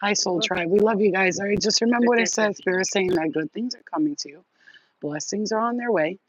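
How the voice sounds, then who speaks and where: A woman's voice: medium pitch, a little fast, a little hiss or hum. A woman hosting a spiritual livestream, chatting casually with viewers in a rambling, affectionate way, with lots of fillers and casual swearing. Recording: dull, dry lo-fi sound.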